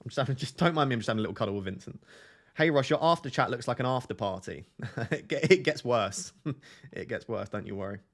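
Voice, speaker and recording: A man's voice: mid-range voice, expressive, fast, a bit bright. A man hosting a casual fantasy football live stream, reading viewer comments aloud and joking and laughing with them.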